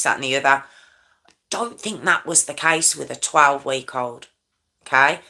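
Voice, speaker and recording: A woman's voice: sits low, bright, forceful tone. A middle-aged woman hosting a true crime channel, recounting a case conversationally, often checking in with "okay?" and reacting with shock. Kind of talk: true crime commentary monologue.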